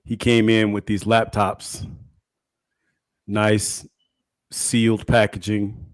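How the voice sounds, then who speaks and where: A man's voice: on the low side, level tone, slow pace, no echo. A man on a podcast telling a wry story in a casual, dry way. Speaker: podcast co-host.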